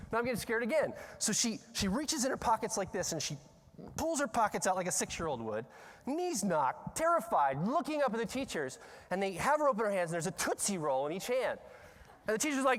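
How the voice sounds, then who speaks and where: A man speaking at a conference, telling a story with lively, self-mocking energy. His voice sits high and swoops widely in pitch. The sound rings through a large hall with a long reverb tail. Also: fast. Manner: animated, self-mocking storyteller who acts out scenes. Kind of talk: storytelling keynote talk.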